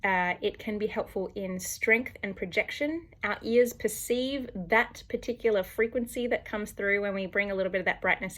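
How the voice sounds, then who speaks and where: A woman, a voice coach explaining singing technique to camera and demonstrating sounds as she goes. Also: mid-range voice.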